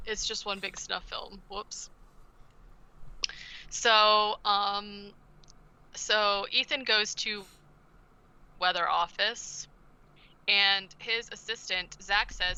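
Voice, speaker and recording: Bright-voiced sarcastic woman podcaster. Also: mid-range voice, steady tone, very slow, pauses often, clean tone, rough recording. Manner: sarcastic, swearing, acting out quotes in silly voices. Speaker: podcast co-host. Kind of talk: casual movie recap chat.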